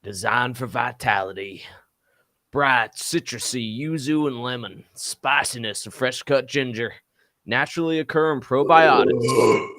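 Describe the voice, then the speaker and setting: A man voicing a laid-back cowboy who reads out a drink label in a slow drawl. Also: mid-range voice, a bit bright, no echo, clean studio sound.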